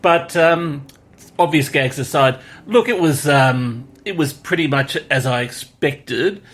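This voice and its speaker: A man's voice: fairly high pitch, a bit bright. A man co-hosting a casual movie podcast, making wry jokes about a cheesy film. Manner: joking, wry, quick with gags. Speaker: podcast co-host. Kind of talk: casual movie review chat.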